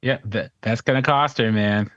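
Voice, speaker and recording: Male co-host, mid pitch, relaxed and agreeable, dry slightly dull sound. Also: normal speed, no echo. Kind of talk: casual chat on a call-in show.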